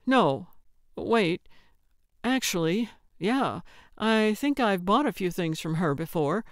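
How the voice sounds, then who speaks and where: A woman's voice: mid-range voice, animated, takes it slowly, dry recording, studio quality. A woman voicing a wary young woman who answers in a guarded, curt way. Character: wary young woman selling at a yard sale.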